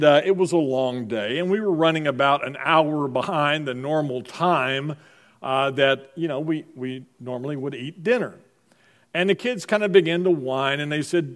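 A middle-aged man preaching a sermon as pastor, in a conversational style full of rhetorical questions to the congregation. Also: on the high side.

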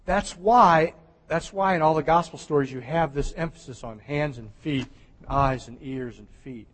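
A man delivers a sermon in a high, light voice, pressing his points with emphatic rises and then sinking to hushed asides. A long reverb trails behind every phrase. He talks like a pastor who is working through the passage for his congregation. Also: unhurried. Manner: animated, emphatic preaching with sudden drops to near-whisper.

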